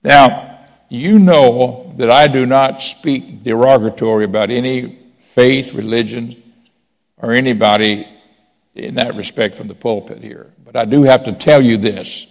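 In a big-room sound, a man with a creaky, mid-range voice delivers a sermon from the pulpit at a slightly slow pace. He preaches in a conversational style, sharing stories and putting questions to the congregation, asking them to raise their hands.

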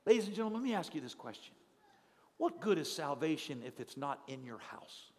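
A male pastor preaching a sermon in a dramatic storytelling manner, swinging from hushed tones to shouts. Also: a little high, sing-song, fairly quick. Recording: long hall reverb, faint crowd.

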